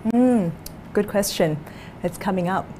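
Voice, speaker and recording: An enthusiastic woman coach pitching her course, her voice at a middle pitch. She tells a client's story with energy, and a faint hiss sits under the recording. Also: unhurried. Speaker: coach for dentists. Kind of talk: course pitch in an online interview.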